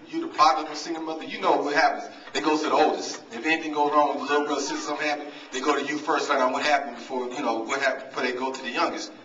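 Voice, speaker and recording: A male coach, invited as guest speaker, tells stories in a funny, motivational banquet address, speaking directly to the people there. He has a medium-pitched, sharp voice with slight background noise. A distant mic in the echoey hall gives dull sound.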